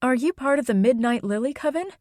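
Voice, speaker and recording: A woman's voice: high voice, animated, brisk, a little mellow, no echo, studio quality, pitched above the performer's own voice. A woman voicing a young heroine who speaks in a raised, urgent, demanding way. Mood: upset.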